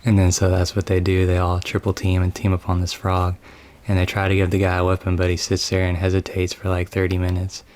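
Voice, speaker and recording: A man with a deep, dark voice recaps a game's story with dry sarcasm. His delivery barely moves in pitch, staying level and unimpressed throughout. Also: fairly quick. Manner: deadpan, mocking. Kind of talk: comedic sarcastic story summary.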